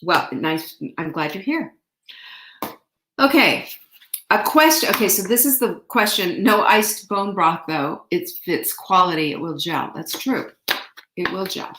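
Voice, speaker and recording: A woman's voice: fairly low pitch, expressive, a little slow, pushed and bright, a little hiss or hum. A woman in her sixties, a nutritionist, hosting a live question-and-answer show and talking chattily and upbeat to her viewers, teasing them as she goes. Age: 60s. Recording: echoey room.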